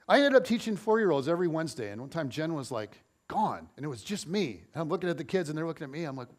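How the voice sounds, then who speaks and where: A man's voice: sits high, fast, hardly any pauses. A man in his forties preaching as a pastor, telling personal stories in a chatty, self-deprecating way with playful humor. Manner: playful humor, animated storytelling. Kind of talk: conversational sermon with personal stories.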